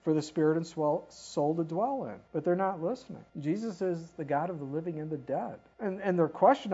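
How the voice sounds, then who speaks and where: A woman's voice: sits low, brisk, few pauses, mellow, husky. A woman preaching a sermon in a conversational way, asking rhetorical questions and reading scripture aloud. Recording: dull lo-fi recording.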